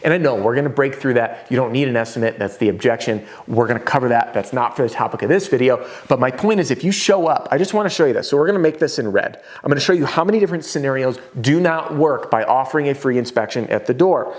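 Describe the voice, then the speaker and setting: Energetic man teaching a sales lesson. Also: mid-range voice, quick pace, hardly any pauses. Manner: energetic, acts out homeowner voices; casual, conversational teaching with asides. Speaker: roofing sales trainer.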